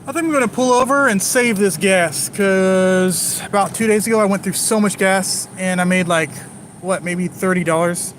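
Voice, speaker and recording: A man whose voice sits high and a bit bright talks at a moderate pace with slight background noise. He's driving through city streets, casually rambling and joking to his live-stream chat the whole time.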